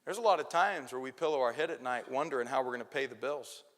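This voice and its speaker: A male pastor preaching a sermon, telling stories and swinging from hushed asides to shouted points. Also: medium pitch, quick pace. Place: church sanctuary. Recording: long church hall reverb.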